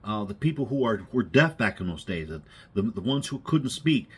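Husky, lively folksy male preacher. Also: on the low side, normal speed. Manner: folksy, conversational, asks the listeners for amens. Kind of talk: informal sermon.

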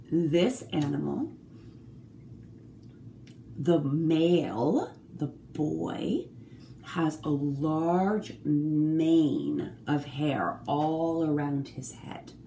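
A woman leading a children's music therapy group, talking slowly and singing short songs to a guitar. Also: sits low, slight background noise. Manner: slow, animated, sings short songs to a guitar. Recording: roomy echo with faint guitar.

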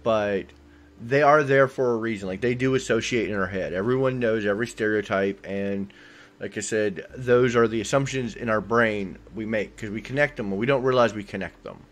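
A man's voice: lowish voice, normal speed. A man co-hosting a podcast in casual, jokey chat, often acting out quoted voices. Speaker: podcast co-host.

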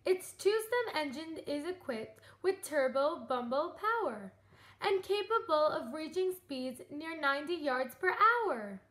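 A woman voicing a smooth-talking mantis car salesman who croons his sales pitch. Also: lively intonation, unhurried, a bit bright. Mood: crooning.

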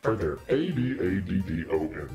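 Deep-voiced joking man. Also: big pitch swings, moderate pace, mellow, lo-fi sound, faint music behind. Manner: joking, rambling, laughs often. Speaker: live stream host. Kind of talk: casual live stream chat.

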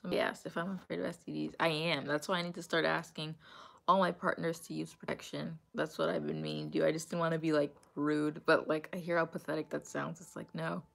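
A woman's voice: low voice, level tone, fast talker, gravelly, fairly bright tone. A woman from New England chatting casually on a livestream, answering viewer comments with candid replies. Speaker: livestreamer reading chat. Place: underground room.

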